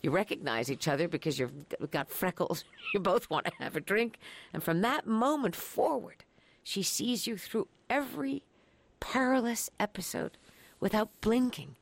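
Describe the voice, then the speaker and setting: A woman's voice: medium pitch, animated, normal speed, vocal fry, no echo. A woman, a radio interview guest, telling her stories in a dramatic, emphatic and emotional way. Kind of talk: expressive storytelling.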